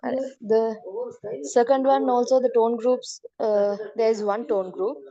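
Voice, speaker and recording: A woman's voice: fairly high pitch, fairly even intonation, measured pace, mellow, dry recording, highs cut off. A woman student politely reading out her answers in an online class, hesitant and full of fillers.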